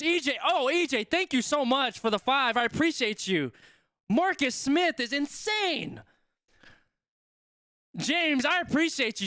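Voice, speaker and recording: A man hosting a live watch-along stream, giving excitable sports commentary and repeating his exclamations. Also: extremely high pitch, no echo, clean studio sound.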